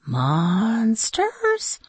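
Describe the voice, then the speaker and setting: A boastful boy superhero shouts at the sky in a high, swooping voice, as a woman reader puts him on. His lines come out blustery and loud, full of storybook bravado. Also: huge pitch swings, very slow, breathy edge, dry recording, exaggerated voice. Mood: hesitant.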